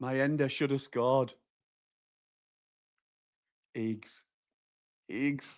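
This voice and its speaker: A man's voice: medium pitch, steady tone, extremely slow, no room sound. Chatty man, dry close sound. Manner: chatty, reacts loudly to chances, addresses viewers as pal and mate. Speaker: host of a football watch-along. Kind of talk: live watch-along commentary and reading viewer comments.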